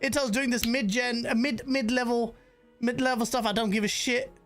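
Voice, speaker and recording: A woman's voice: a little high, fairly even intonation, normal speed, soft background music. A woman giving casual, rambling livestream commentary on gaming news, swearing freely and reacting to chat messages.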